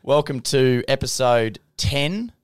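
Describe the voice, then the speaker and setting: A man's voice: medium pitch, expressive, slow pace, smooth, no echo, clean studio sound. A man hosting a podcast, friendly and easygoing in casual chat. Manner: friendly, easygoing, Aussie slang. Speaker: podcast host. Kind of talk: casual interview.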